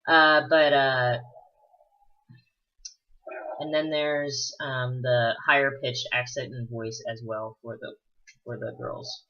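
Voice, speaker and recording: A man's voice: medium pitch, level tone, takes it slowly, long pauses, bright, forceful tone. A man giving rambling, casual let's-play commentary full of fillers and the odd swear word. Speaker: gameplay commentator. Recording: dull lo-fi recording.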